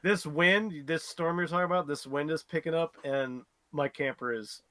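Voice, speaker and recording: A man's voice: a little high, moderate pace, bright, forceful tone, no echo. A man on a casual podcast, calling in from his camper, with a laid-back manner and crude humor. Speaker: podcast co-host. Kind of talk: casual banter.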